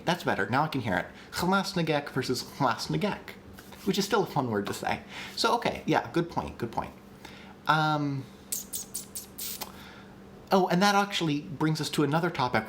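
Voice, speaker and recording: Male streamer-teacher, mid pitch, loose and enthusiastic delivery, desk mic with faint background hiss. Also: fairly bright tone. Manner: chatty and enthusiastic, with many ums and restarts, reads chat aloud. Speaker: streamer teaching language construction. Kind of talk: casual live-stream lesson.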